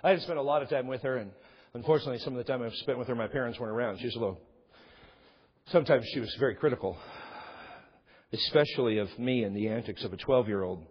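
A man's voice: medium pitch, fast, pauses often, breathy edge. A man preaching a sermon emphatically, repeating key phrases for weight, with an aside now and then. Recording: long reverb, dull lo-fi sound.

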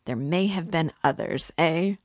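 A woman's voice: low voice, unhurried, darkish tone, no echo, studio quality. A woman voicing a sly, good-humored male examining lawyer who questions mockingly, in an audiobook reading. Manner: teasing, mock-friendly questioning.

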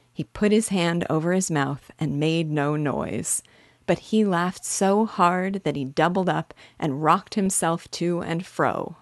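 A woman reading a classic children's story aloud in a measured, expressive way, recorded on a close mic. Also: deep voice, no room sound.

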